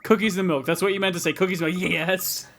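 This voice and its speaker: A woman's voice: on the low side, steady tone, quick pace, a little hiss or hum. A woman co-hosting a let's play, giggling and joking playfully as she comments on the game. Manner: giggly, silly, playful, laughs often. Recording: game music in background.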